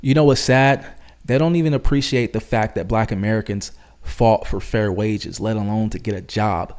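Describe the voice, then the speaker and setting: A man's voice: on the low side, fairly even intonation, normal speed, darkish tone, slight background noise. Give me a man doing argumentative reaction commentary on video clips, pressing every point. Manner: emphatic, argumentative, lecturing. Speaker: commentary channel host.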